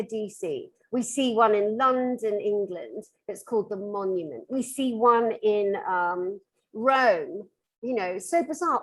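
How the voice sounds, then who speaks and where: Husky chatty woman hosting a video call. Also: medium pitch, low-quality recording. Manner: chatty, self-deprecating, rambling with fillers. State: overheated. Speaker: host. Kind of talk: casual video call interview. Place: hot room in a jungle house.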